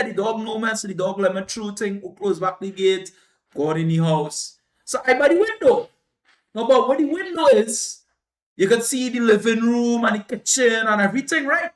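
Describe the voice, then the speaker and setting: A young Trinidadian man telling a funny personal story casually on a livestream, jumping up in pitch when he quotes people. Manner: animated, jumps high when quoting people, laughs while telling.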